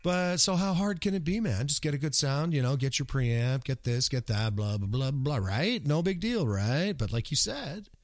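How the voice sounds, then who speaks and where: A man's voice: mid-range voice, moderate pace, hardly any pauses, dry recording, studio quality. A man co-hosting a podcast, chatting casually and joking playfully. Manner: lively, joking, playfully mocking. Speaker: podcast co-host.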